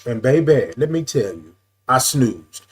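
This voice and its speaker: Greeting each viewer by name in stretched, sung tones, this male morning live streamer peppers his casual talk with "y'all." He repeats phrases and tweaks his camera as he goes. His mid-range voice has a sing-song quality.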